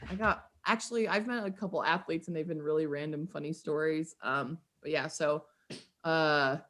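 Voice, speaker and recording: A woman guest on a podcast, telling stories in a lively, chatty way, laughing often and acting out quotes. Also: sits low, moderate pace, a little hiss or hum. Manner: animated, laughs often, acts out quoted voices. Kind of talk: casual storytelling chat.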